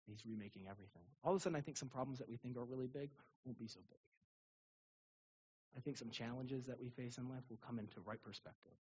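A young adult male pastor giving a casual, animated sermon in a church, asking the congregation rhetorical questions. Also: mid-range voice, fast, slightly rough, muffled recording. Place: church sanctuary.

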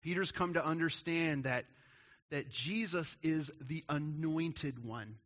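A man gives a sermon in a relaxed, talky way, often turning questions to his listeners. His voice sits a little high and sounds bright and forceful. The recording is dull and lo-fi. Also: slow pace. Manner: conversational, asks the audience questions. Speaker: pastor.

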